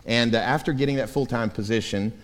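A man's voice: mid-range voice, a little fast. A man preaching as pastor, telling stories in a self-mocking, emphatic way. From Florida. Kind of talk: sermon. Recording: echoey church hall.

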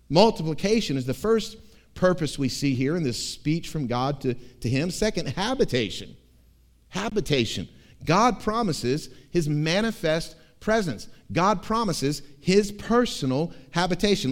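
Lively, emphatic man preaching a sermon. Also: on the high side. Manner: emphatic, repeats key words, swings between loud and hushed. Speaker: pastor. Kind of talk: expository sermon.

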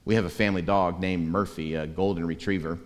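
Animated preacher in an echoing church. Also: male voice, low voice, quick pace. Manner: animated, swinging from soft to loud. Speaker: pastor. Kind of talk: sermon. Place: church sanctuary. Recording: reverberant church hall.

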